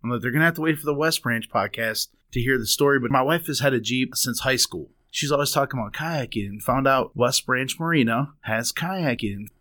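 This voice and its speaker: A man hosting a podcast, telling a funny story in a lively, laughing way. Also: mid-range voice, a little fast, hardly any pauses. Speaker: podcast host.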